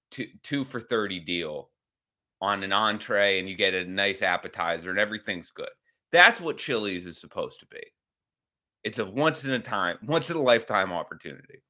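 Man, podcast host, casual livestream rant, lively swooping pitch, bright edge. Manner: rambling, profane, reacts to chat.

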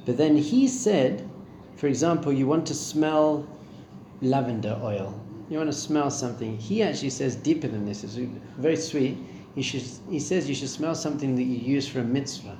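This is a Torah class on meditation led by a middle-aged male spiritual teacher, who chats with his live audience and quizzes them as he goes. His voice is mellow and medium in pitch at a moderate pace, heard in an echoey room with a little hiss or hum.

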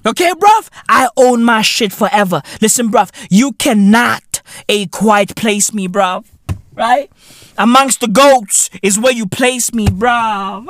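A man's voice: high-pitched, animated, takes it slowly, a bit bright, no room sound, clean studio sound. A man hosting a podcast in a comedic rant, profane and boastful, full of slang and laughing at his own jokes. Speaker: podcast host.

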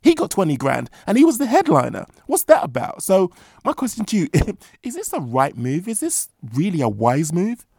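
An excitable podcast host rambles through his questions with a lively, bouncing pitch. His voice has a gravelly edge. The sound is dry and close. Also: normal speed, no echo. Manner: excitable, rambling, lots of fillers and restarts. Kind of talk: casual podcast interview.

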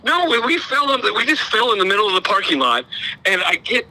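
A man's voice: high voice, very animated, fast talker, sharp tone, low-quality recording. A middle-aged man, telling a long, rambling, self-deprecating story in casual podcast chat. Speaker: podcast co-host.

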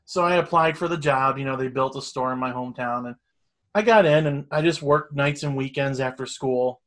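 A man's voice: mid-range voice, a little fast. A middle-aged man telling a long story in casual chat, rambling and swearing freely. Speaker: storyteller guest.

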